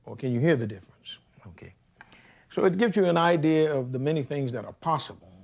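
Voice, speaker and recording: An older man teaching jazz guitar in a relaxed, anecdotal way, scatting the melodies as he plays. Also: on the high side, a little fast, gravelly. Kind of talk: demonstrating at the guitar, talking between phrases. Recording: loud guitar under the voice.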